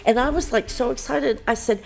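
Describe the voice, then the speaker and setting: A middle-aged woman co-hosting a local morning show, telling a story with lively quoted voices. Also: a little fast, vocal fry. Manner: animated storyteller, jumps up in pitch acting out quotes. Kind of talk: casual chat, telling a funny story.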